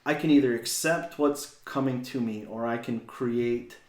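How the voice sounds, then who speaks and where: A man co-hosting a casual faith-based talk, thinking out loud and often checking in with "right?". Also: medium pitch, fairly even intonation, measured pace. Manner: says "right?" a lot, reflective, backs up his co-host. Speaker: podcast co-host. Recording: echoey room.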